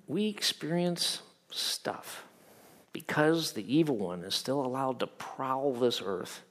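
A middle-aged man preaching a sermon as pastor, animated, swinging from loud acted quotes to hushed earnest tones. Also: medium pitch.

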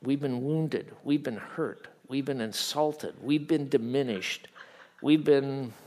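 A middle-aged man preaching a sermon as pastor, animated, swinging from loud acted quotes to hushed earnest tones. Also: medium pitch, slow.

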